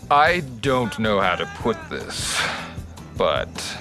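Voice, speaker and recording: An actor playing a smug, self-important man with a slow, pompous delivery, in a film clip. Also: fairly low pitch, sing-song. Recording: film clip with music behind. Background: music.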